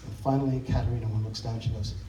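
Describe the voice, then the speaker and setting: A man's voice: medium pitch, level tone, racing, mellow, slight background noise. A man telling a wry, self-mocking comic story on stage at a live show. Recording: distant roomy live stage recording.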